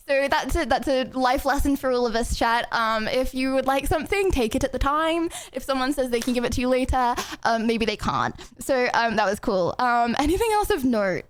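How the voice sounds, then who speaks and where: Chatty high-voiced woman streaming. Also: lively intonation, moderate pace. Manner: chatty, rambling, lots of "like" and "okay". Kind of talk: casual chat.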